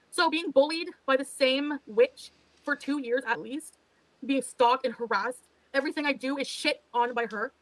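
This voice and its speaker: A woman's voice: high-pitched, normal speed, a bit bright, no room sound, rough recording. A woman ranting defensively on a livestream, exasperated and swearing as she talks. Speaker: livestreamer being reacted to. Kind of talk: heated livestream rant.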